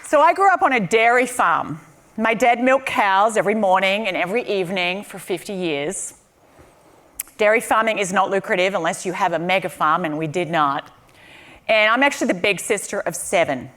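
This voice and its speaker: A woman's voice: mid-range voice, normal speed, some chatter behind. An Australian woman giving a keynote speech to a live audience, telling stories with humor and energy. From southern Australia. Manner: lively, humorous storytelling to an audience. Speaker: keynote speaker. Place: conference venue with a live audience.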